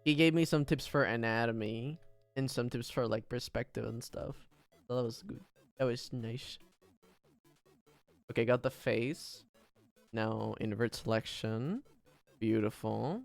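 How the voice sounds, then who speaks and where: Man, casual art stream chatter, giggly, hums tunes, smooth voice, slow easygoing pace. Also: mid-range voice. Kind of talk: casual chat while drawing. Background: faint background music.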